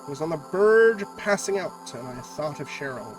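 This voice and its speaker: A man's voice: on the high side, big pitch swings, a little fast, low-quality recording. A man streamer reading a visual novel aloud in an earnest, dramatic way with jokey asides. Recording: music playing clearly behind.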